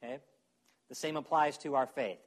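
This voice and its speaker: A man's voice: mid-range voice, moderate pace. A man preaching a sermon in a conversational way, often checking in with his listeners. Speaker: pastor.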